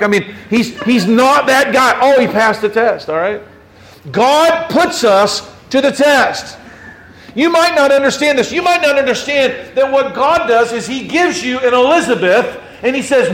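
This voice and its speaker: A man's voice: very high-pitched, lively intonation, normal speed, a bit bright. A man preaching a conversational sermon to his congregation, asking rhetorical questions and often restarting his sentences. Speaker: pastor.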